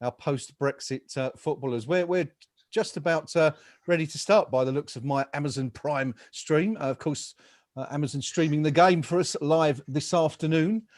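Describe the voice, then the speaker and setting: A man's voice: a little high, moderate pace, a little mellow, no room sound, studio quality. A man hosting a casual football chat over a remote call, rambling with fillers and jokes. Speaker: podcast host. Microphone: home mic, remote call.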